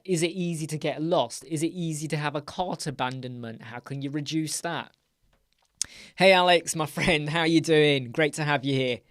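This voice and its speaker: A man hosting a live Q&A stream, chatty, rambling and quick to get excited as he reads out and answers viewers' comments. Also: a little high, no room sound, clean studio sound. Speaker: host.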